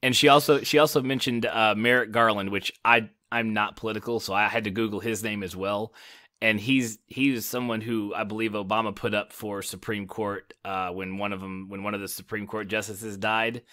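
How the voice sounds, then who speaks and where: An American man co-hosting a podcast, recapping a TV episode in casual chat and acting out characters' lines with animated, laughing energy. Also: lowish voice, normal speed. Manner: animated, laughing, quotes characters in raised voices. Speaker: podcast co-host.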